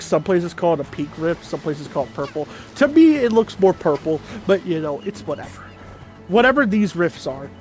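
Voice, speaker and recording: A man's voice: high voice, darkish tone. A man giving casual let's play commentary, rambling and laid-back, with frequent fillers and swearing. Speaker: gaming video host.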